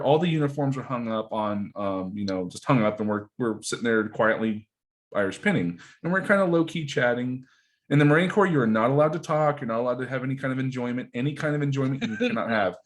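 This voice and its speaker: A man guesting on a podcast, telling stories in casual, profane, animated chat. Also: mid-range voice.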